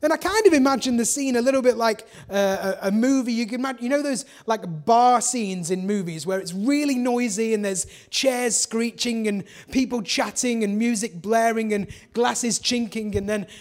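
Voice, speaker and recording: A man preaching a sermon, energetic and full of rhetorical questions. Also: very high voice, normal speed, few pauses. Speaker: pastor.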